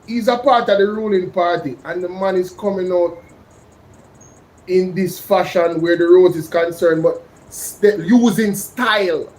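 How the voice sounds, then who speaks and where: A man's voice: high voice, unhurried, low-quality recording. Chatty Jamaican man streaming. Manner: chatty, addresses viewers by name. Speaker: YouTube reaction host. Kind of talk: casual live-stream commentary.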